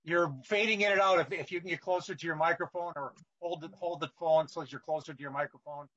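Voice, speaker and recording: A man's voice: a little high, fairly even intonation, fast, fairly bright tone, muffled recording. A man chairing a legislative committee hearing, speaking procedurally with some fillers.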